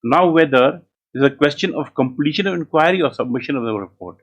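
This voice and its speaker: A man's voice: a little high, lively intonation, a little fast, dull audio. A male judge interjecting from the bench in short, curt questions, pressing for direct answers. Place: courtroom, live-streamed hearing.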